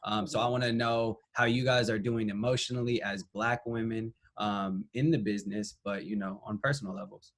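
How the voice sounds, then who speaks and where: A man's voice: on the low side, fairly even intonation, moderate pace, hardly any pauses. Easygoing laughing podcast host man. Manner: laid-back, laughing, joking, swears freely. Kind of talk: casual podcast interview.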